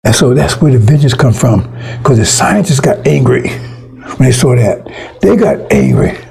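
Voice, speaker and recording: A man's voice: mid-range voice, very animated, moderate pace, gravelly, a little mellow, husky, rough recording. A man preaching an informal, fiery sermon to his congregation, emphatic and profane, often stumbling and restarting his words.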